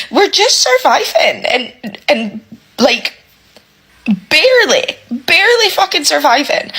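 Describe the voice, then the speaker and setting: A woman's voice: high-pitched, a bit bright, poor audio. A British woman, a single parent, in an emotional rant to camera, swearing heavily and repeating herself, close to tears.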